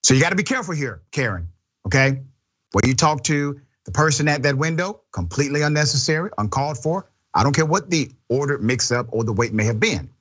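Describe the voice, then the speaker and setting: Lively, husky-voiced man hosting a talk show. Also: mid-range voice, fairly quick, lo-fi sound. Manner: emphatic, lively. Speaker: host. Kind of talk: political talk show commentary.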